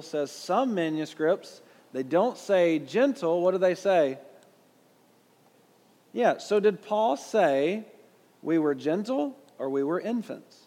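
Speaking in a large hall, a man with a Southern US accent teaches Bible class in a chatty way and keeps questioning his audience. His pitch is fairly high and his tone mellow.

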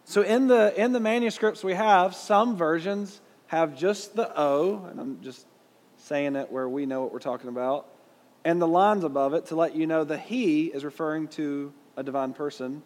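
A man's voice: fairly high pitch, normal speed, darkish tone, long reverb tail. A man with a Southern US accent teaching a Bible class in a conversational way, putting questions to his listeners. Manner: conversational, asks the audience questions.

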